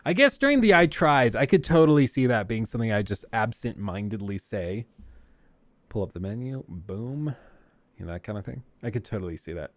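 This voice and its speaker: A man's voice: fairly low pitch, big pitch swings, a little fast, no room sound. A young man hosting a live stream, chatting casually with viewers in a rambling, joking way and laughing often.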